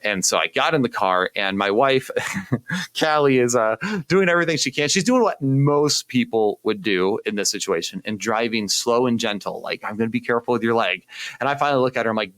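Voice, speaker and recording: Lively young man telling a story. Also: medium pitch, normal speed, dry recording. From Indiana, US. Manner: animated, self-deprecating, acts out quotes. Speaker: youth pastor, podcast co-host. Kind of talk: casual storytelling.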